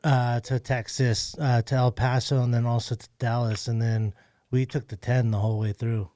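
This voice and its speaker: A man's voice: mid-range voice, little pitch movement, moderate pace, dark tone, no echo. A man co-hosting a podcast in loose, casual chat, swearing freely. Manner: loose, swearing, laid-back. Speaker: podcast co-host.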